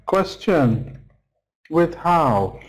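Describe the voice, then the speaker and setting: A man teaching an online lesson, slow and patient, repeating key phrases for his students. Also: fairly high pitch, sing-song, poor audio. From England. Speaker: English teacher.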